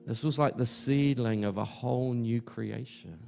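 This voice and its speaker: A male pastor gives a sermon at a church service in a casual, rambling way. His voice has a gravelly, fry-laden texture. Quiet keyboard music plays faintly behind him. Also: mid-range voice, moderate pace. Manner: conversational, fillers and restarts.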